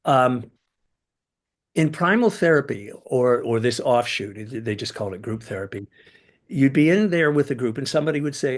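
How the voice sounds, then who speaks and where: An older man, a podcast guest, telling personal stories in a casual interview, with sudden leaps in pitch and loudness as he gets into them. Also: moderate pace. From United States. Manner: animated storyteller, sudden jumps in pitch and loudness.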